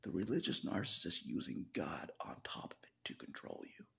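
Male vlogger: very low, gravelly voice, wildly swinging pitch, frequent laughs and whispered asides. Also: big pitch swings, moderate pace, a bit bright. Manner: laughs often between phrases, swears, drops into whispers. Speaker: video blogger. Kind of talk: casual confessional monologue.

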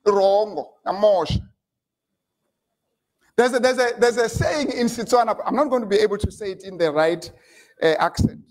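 A man preaching a sermon in a church, switching between English and Xhosa and building up to shouted lines. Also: sits high, moderate pace, long pauses. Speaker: pastor.

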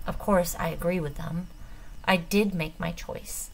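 Woman reading an audiobook, dramatic and expressive, kinda low voice. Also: a little slow, vocal fry, a little hiss or hum, rough recording. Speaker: audiobook reader. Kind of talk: first-person audiobook narration.

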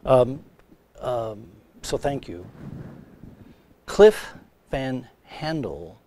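A man moderating a livestream conversation, speaking in a measured way and reading out viewer questions. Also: medium pitch, very animated, warm tone, a little hiss or hum. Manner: measured, reads viewer questions, brief assents. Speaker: college administrator and moderator.

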